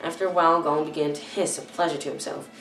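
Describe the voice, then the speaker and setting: A woman's voice: deep voice, steady tone, fast talker, fairly bright tone, slight background noise. Teenage girl reading a storybook aloud. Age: teens. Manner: careful reading with frequent stumbles and self-corrections. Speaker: youth reader. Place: church hall. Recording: echoey room, far from the mic.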